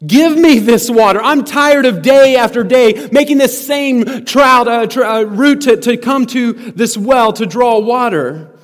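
A man's voice: very high-pitched, very slow, few pauses, a bit bright, voice pushed up, exaggerated voice. A male preacher voicing a bewildered Samaritan woman at a well, asking questions in disbelief. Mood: weary, pleading. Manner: incredulous, questioning. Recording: long hall reverb.

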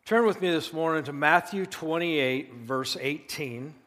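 A male pastor preaching a sermon in an earnest, emphatic way, slowing down to stress key phrases. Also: fairly high pitch, a bit bright, big-room sound.

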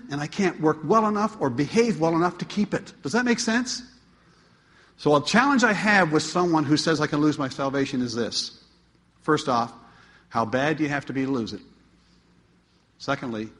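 A man preaching a sermon to his congregation, asking them questions and swinging between emphatic, pleading peaks and quiet asides. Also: on the high side. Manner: asks the congregation rhetorical questions. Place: church. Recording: long hall reverb.

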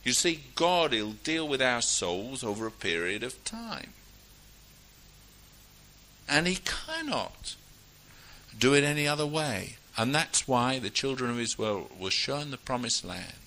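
A man preaching a sermon, emphatic and exhorting, swinging between loud declarations and quiet asides. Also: mid-range voice, sing-song, low-quality recording. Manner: reads scripture aloud in a ringing, measured cadence.

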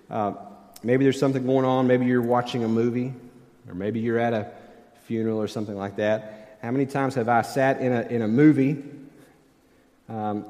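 Conversational pastor in reverberant hall. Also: male voice, mid-range voice, a little mellow. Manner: conversational, self-deprecating humor. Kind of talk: sermon. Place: church sanctuary. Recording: long church hall reverb.

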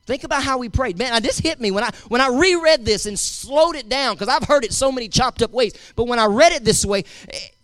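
A man's voice: very high voice, animated, a little fast, a bit bright, dry recording. A male pastor preaching a sermon, emphatic and repetitive, talking straight to his congregation.

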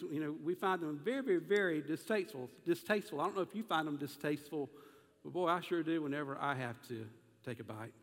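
A man preaches a sermon in a folksy, animated style, often slipping into acted-out voices. His voice sits high for a man. His words ring through a church sanctuary with a long reverb trailing behind them. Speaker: pastor.

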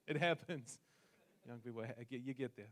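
A man from New Zealand with a New Zealand accent, telling a personal story in a sermon with jokes for the congregation. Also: mid-range voice. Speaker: pastor.

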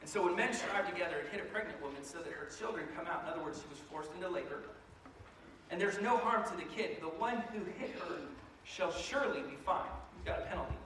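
A man preaching a sermon as a pastor, animated and joking, acting out voices as he goes. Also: sits high, fast talker, slight background noise. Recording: echoey hall, mic far off.

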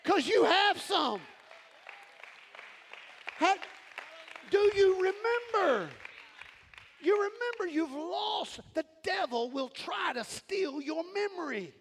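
A man preaching a lively, shouting sermon to his congregation. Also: very high-pitched, slow pace, long pauses. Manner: animated, shouting preacher with a Southern drawl in his phrasing. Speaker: pastor. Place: large church sanctuary. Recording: crowd in a reverberant church hall.

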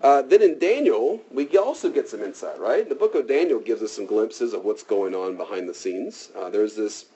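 A male preacher gives a relaxed, conversational sermon and often checks in with "right?" His voice is low, mellow and husky. The recording sounds muffled and lo-fi. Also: moderate pace, few pauses. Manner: casual and talky, asks "right?". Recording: dull lo-fi recording.

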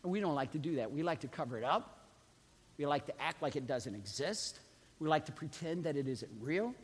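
A man preaching a sermon as a pastor, calling on the congregation to repeat after him and swinging from quiet asides to shouted emphasis. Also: on the high side, lively intonation, a little fast, breathy edge. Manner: preaching with call-and-response to the congregation. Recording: long reverb of a large hall.

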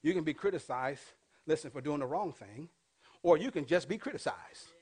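A man in his fifties preaching a sermon as pastor, asking the congregation call-and-response questions and swinging between loud and hushed delivery. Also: a little high, animated, moderate pace, husky. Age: 50s.

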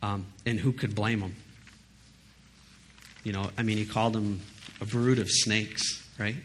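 A man preaching in a relaxed, conversational way, leaning on emphasis and quick asides. His voice sits fairly low. Faint background noise hums under the recording. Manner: conversational, emphatic, frequent "you know" and "right?". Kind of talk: casual sermon.

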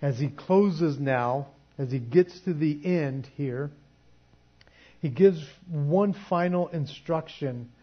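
A man's voice: a little high, slow pace, husky, lo-fi sound. A man preaching a sermon in a conversational way, often restarting his sentences. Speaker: pastor.

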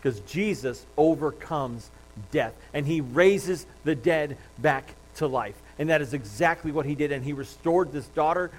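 A man preaching a sermon, retelling a Bible story with lively acted-out quotes and frequent restarts. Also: a little high, unhurried, low-quality recording. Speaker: pastor.

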